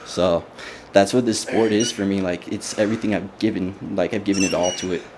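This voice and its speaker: A man's voice: low voice, fairly even intonation, brisk, noisy background. A young man, a bodybuilder, telling his personal story in a casual, earnest way with many fillers. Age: young adult. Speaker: bodybuilder interviewee.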